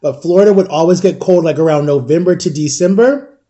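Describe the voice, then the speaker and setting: A man's voice: on the high side, a little fast, dark tone. A man in his thirties telling a long personal story to his viewers in a casual, rambling way, full of fillers and talking straight to the audience. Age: 30s. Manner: rambling, filler-heavy, addresses viewers as guys. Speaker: vlogger. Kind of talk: casual storytelling while eating.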